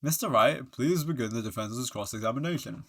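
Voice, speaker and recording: A man's voice: medium pitch, fairly quick, no room sound, close to an everyday voice. A man playing a stern game judge. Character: stern older male trial judge.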